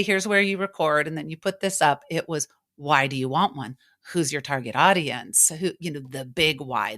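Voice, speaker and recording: Low-pitched woman, middle-aged, candid reflective chat, lively quoted asides, coach talking about her journey. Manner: candid, emotional, animated quotes. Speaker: coach and podcast host. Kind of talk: reflective casual conversation.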